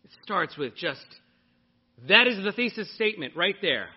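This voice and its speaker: Male pastor, high and animated, sermon to a live congregation, muffled lo-fi sound. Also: normal speed, breathy edge. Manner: animated preaching, questioning the congregation.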